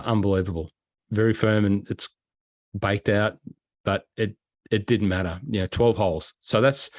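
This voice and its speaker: A man's voice: lowish voice, darkish tone, no room sound. A middle-aged Australian man hosting a golf podcast, telling travel stories in a chatty, enthusiastic way. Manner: chatty, enthusiastic anecdotes with playful impressions. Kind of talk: casual storytelling chat.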